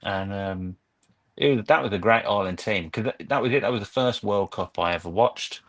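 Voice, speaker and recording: A man with a fairly low voice chats casually as a podcast guest. He drifts from story to story in a loose, reminiscing way, piling on detail as he goes. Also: a little fast, a bit bright. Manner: rambling nostalgic anecdotes. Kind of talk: casual chat.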